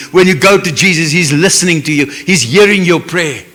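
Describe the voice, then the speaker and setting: A man's voice: on the high side, normal speed, sharp tone. A man with a South African English accent preaching a sermon as pastor, earnest and emotional, with Afrikaans phrases mixed in.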